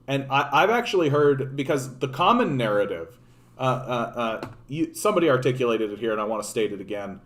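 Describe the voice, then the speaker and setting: Male streamer from Canada, mid-pitched, loose rambling delivery with false starts and profanity. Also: very animated, fairly quick. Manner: rambling, frequent restarts and profanity. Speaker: political livestream host. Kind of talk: casual unscripted commentary.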